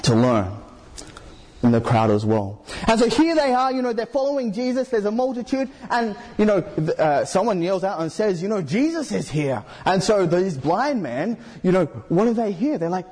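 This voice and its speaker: A man with a high, husky voice gives a sermon. He talks loosely, with lots of "you know" and restarts. He keeps turning to the listeners with questions. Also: big pitch swings, normal speed, a little mellow. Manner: conversational, many "you know" fillers, asks the congregation questions. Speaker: preacher.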